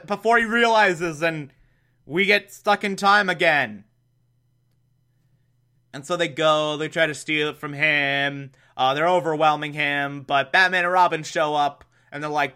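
A man's voice: a little high, a little slow, sharp tone, clean tone. A man hosting a podcast, recapping an episode in a casual, chatty way, laughing often and adding mocking asides. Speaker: podcast host.

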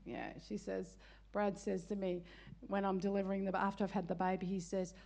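A middle-aged woman preaching a sermon, telling lively family stories with laughter and building into emphatic calls of "come on". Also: medium pitch, brisk, vocal fry.

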